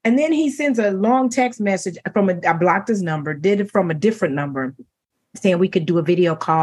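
Husky woman telling a lively story. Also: mid-range voice, fairly quick. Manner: animated, laughing, voices quoted men. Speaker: talk show co-host. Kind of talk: casual storytelling chat.

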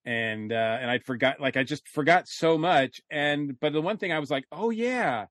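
A man's voice: medium pitch, normal speed, no room sound, studio quality. A man co-hosting a podcast, chatting casually and rambling through his thoughts with restarts. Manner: relaxed, rambling, many restarts. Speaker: podcast co-host.

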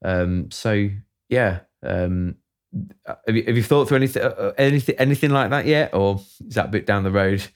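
A man's voice: on the low side, moderate pace. Chatty man hosting a podcast. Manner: chatty, rambling, laughs often. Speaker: podcast host. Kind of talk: casual chat.

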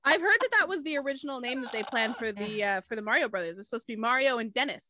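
A woman's voice: a little high, animated, rapid-fire, pushed and bright, a little hiss or hum. A woman co-hosting a casual podcast, incredulous and swearing freely. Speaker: podcast co-host. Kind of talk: casual banter.

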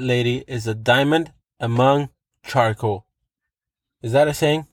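A man rants alone, swearing freely and repeating his points for emphasis. His mid-range voice moves a little slowly with long pauses, recorded in studio quality with no room sound.

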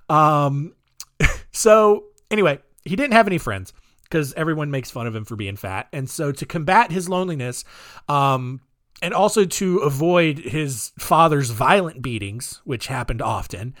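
A man's voice: on the high side, expressive, moderate pace, a bit bright, no room sound, studio quality. A young man hosting a podcast, telling true-crime stories in a loose, joking way full of ums and asides. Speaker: podcast host. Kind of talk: casual true-crime storytelling.

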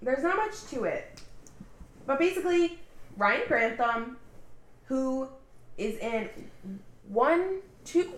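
A woman co-hosting a casual podcast, talking in an animated, swearing way while she has the hiccups. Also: sits high, slow, pauses often. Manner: animated, swearing, laughs while telling news. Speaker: podcast co-host. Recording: echoey room.

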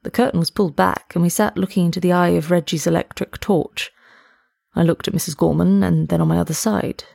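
A woman narrating a story in the first person with an even, measured reading. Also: lowish voice, vocal fry, dry recording.

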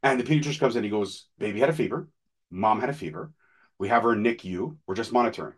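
A man's voice: fairly low pitch, fast talker. A man in his thirties, a podcast co-host, telling personal stories in candid, profane, casual chat. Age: 30s.

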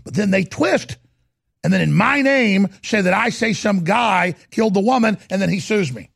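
High, gravelly, fast-ranting man. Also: animated, no echo, clean studio sound. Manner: heated, rapid-fire ranting. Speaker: talk show host. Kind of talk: ranting commentary.

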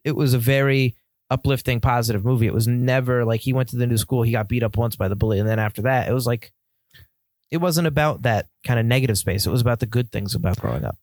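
A man co-hosting a casual movie chat, upbeat and quick to chuckle. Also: mid-range voice, darkish tone, no room sound, clean studio sound. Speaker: podcast co-host.

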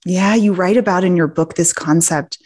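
A woman hosting an interview podcast, with a somewhat low voice. She mostly chimes in with short affirmations and brief follow-up remarks to her guest. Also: normal speed, a little mellow. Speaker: podcast host. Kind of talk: casual interview chat.

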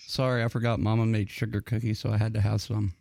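A man's voice: fairly low pitch, little pitch movement, quick pace, vocal fry, darkish tone. A man co-hosting a casual podcast, telling crude, profane stories and laughing often. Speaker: podcast co-host.

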